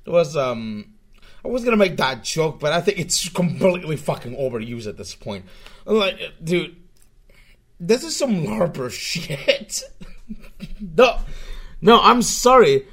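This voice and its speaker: Male streamer, slightly high voice, mocking and crude, casual reaction commentary. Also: big pitch swings, measured pace, long pauses. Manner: swearing, mocking, swings from mutters to loud outbursts. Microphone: webcam setup microphone.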